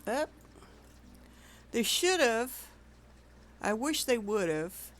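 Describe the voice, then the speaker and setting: A woman's voice: a little high, sing-song, very slow. A woman streaming an online game, chatting casually and rambling with frequent self-corrections. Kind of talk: casual gameplay commentary.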